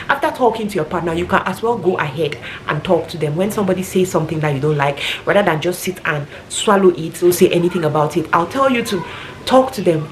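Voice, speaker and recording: A woman's voice: fairly low pitch, a little hiss or hum. A woman talking casually and earnestly, giving rambling advice like a vlogger.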